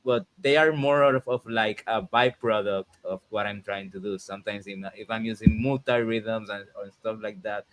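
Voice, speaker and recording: A man's voice: on the low side, steady tone, moderate pace, hardly any pauses. A man hosting a casual conversation, reflective and thinking aloud with frequent restarts. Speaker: host and composer.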